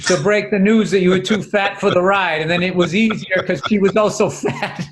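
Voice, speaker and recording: Comedian guest dude, high voice, roasting the host and swearing. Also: male voice, steady tone, brisk, noisy background. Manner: teasing, ribbing banter with swearing. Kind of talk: casual chat.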